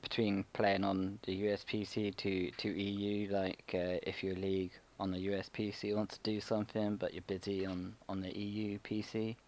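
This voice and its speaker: A man with a fairly low voice co-hosts a casual gaming podcast. He speaks hesitantly, often pausing on ums and restarts. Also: flat delivery, a little mellow. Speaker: podcast co-host.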